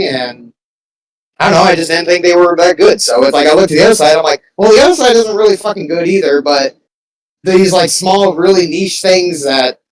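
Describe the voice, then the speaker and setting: A man's voice: a little high, far from the mic, low-quality recording. A man in a casual political chat with a friend, rambling with lots of "like" and swearing casually.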